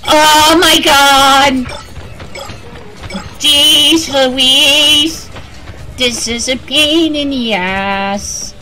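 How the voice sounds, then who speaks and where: Woman streamer, high lively voice, yelps and swears through a horror game over loud music. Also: very slow, pauses often, low-quality recording. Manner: panicky screaming and heavy swearing. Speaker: gamer playing a horror game. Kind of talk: let's play commentary. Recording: game music playing loudly behind.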